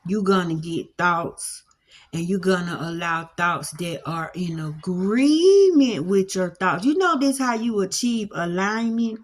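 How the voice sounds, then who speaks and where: A woman's voice: on the low side, expressive, a little slow. A woman who gives a casual spiritual talk at home, in a folksy preacher cadence with lots of repetition. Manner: folksy preacher cadence, repeats phrases, Southern vernacular. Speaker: spiritual teacher. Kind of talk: casual monologue to camera. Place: home with dogs at her feet.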